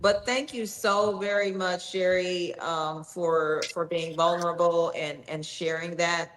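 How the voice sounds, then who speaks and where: Upbeat woman livestream host, slightly low voice, echoey video-call sound. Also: fairly even intonation, a little slow, a bit bright, slight background noise. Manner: upbeat, encouraging, salesy. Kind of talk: hosting a live book promotion.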